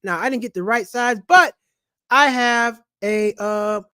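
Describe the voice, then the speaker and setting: A middle-aged man rants about money straight to camera, animated and preachy, with plenty of street slang. His voice sits high for a man, recorded dry and close with no room sound. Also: measured pace, clean tone, no echo. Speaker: channel host and comedian. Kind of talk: casual personal finance vlog.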